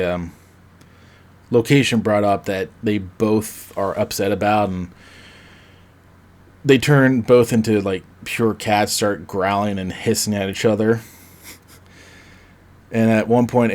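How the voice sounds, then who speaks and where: A man with a low-ish, darkish voice hosts a podcast and casually recaps a movie. His recap rambles, full of fillers and self-corrections.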